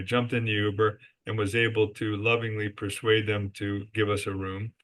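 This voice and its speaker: This resort company executive, a podcast guest, talks at normal speed with few pauses in a lowish, slightly bright voice that barely moves in pitch. He tells business stories with emphasis, answering rhetorical questions he raises himself.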